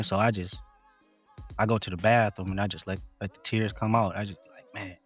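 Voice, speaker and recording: Low-voiced reflective dad on a podcast. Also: male voice, brisk, soft background music. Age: adult father of a twelve-year-old. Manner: relaxed storytelling, reflective. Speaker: podcast co-host. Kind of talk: casual chat.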